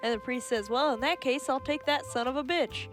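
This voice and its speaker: A woman with a slightly high voice tells a long joke in a playful way, voicing each character as she goes. Soft music plays in the background. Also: a little fast. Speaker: stream co-host. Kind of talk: telling jokes aloud.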